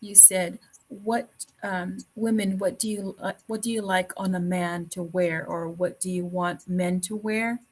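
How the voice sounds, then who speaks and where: A woman's voice: on the low side, fairly even intonation, unhurried, hardly any pauses, darkish tone, slightly rough, low-quality recording. A woman hosting a talk show, speaking earnestly with repeated phrases and many fillers. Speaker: podcast host. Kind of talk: conversational talk show chat.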